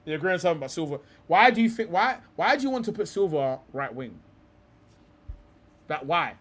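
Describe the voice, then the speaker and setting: A young man hosting a live football talk stream. He swears a lot and thinks aloud, often trailing off into low mutters. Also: big pitch swings, a little fast, a bit bright. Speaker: streamer host.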